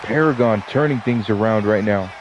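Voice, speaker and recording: A man's voice: on the low side, moderate pace, dull audio, background noise. A man with a stuffy nose doing casual wrestling play-by-play commentary, dropping joking asides between his calls.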